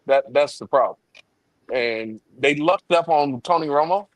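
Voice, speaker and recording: A man's voice: fairly high pitch, measured pace, no room sound, low-quality recording. A man on a sports talk panel, laying out his argument point by point in a casual debate. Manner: argumentative, lays out points step by step. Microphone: remote streaming call.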